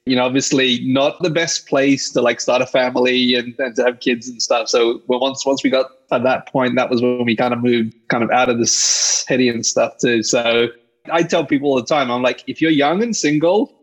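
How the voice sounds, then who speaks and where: A middle-aged man, a guest chatting in a relaxed, rambling way with small restarts. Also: medium pitch, moderate pace. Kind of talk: casual conversation.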